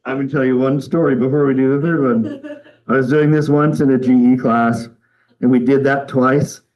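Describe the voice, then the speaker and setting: A man from the United States leading a live group workshop, relaxed and chatty, with frequent ums and okays. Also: medium pitch, moderate pace, lo-fi sound. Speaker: workshop leader. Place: room with a group of people.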